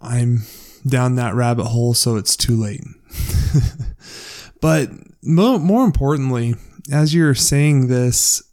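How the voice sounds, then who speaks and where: A man's voice: medium pitch, lively intonation, measured pace, darkish tone. Casual guy cohost on a podcast, jokey, swears a bit. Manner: joking, loose, swears casually. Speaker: podcast co-host.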